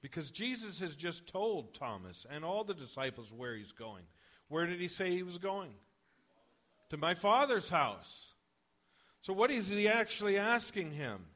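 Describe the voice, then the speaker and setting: A man's voice: high-pitched, sing-song, unhurried, fairly bright tone. A male pastor preaching a sermon in a conversational way, often asking the congregation questions.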